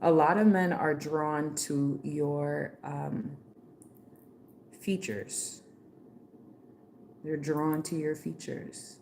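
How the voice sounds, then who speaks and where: A woman with a lowish voice doing a live tarot reading for her viewers. She talks in a loose, slangy, playful way, full of "like" and "okay". A faint hiss of noise sits behind her. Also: fairly even intonation, extremely slow, creaky, pauses often, a little mellow. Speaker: tarot reader.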